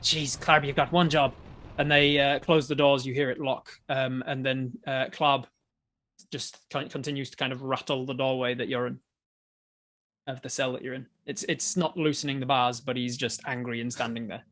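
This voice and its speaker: A man's voice: mid-range voice, flat delivery, moderate pace, a bit bright. A man with an Australian accent running a tabletop game as dungeon master, narrating with frequent laughs. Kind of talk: game narration for a live stream.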